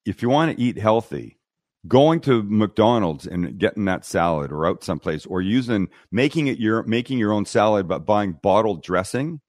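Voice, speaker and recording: This is a middle-aged man, a cooking host from TV and YouTube, speaking on the low side at a moderate pace while guesting in a podcast studio. Bluntly and with lots of energy, he acts out the dialogue of the people in his stories during the relaxed interview. The studio microphone captures no room sound.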